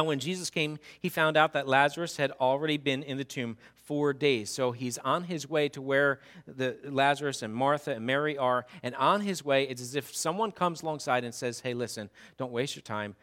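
A male pastor preaching a sermon in a church, dramatic, swinging from hushed talk to shouting. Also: medium pitch, moderate pace.

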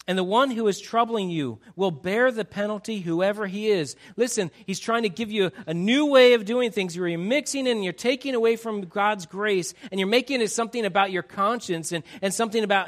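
High-voiced, animated preacher man. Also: normal speed. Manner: animated, emphatic, jokes with the congregation. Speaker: pastor. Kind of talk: sermon.

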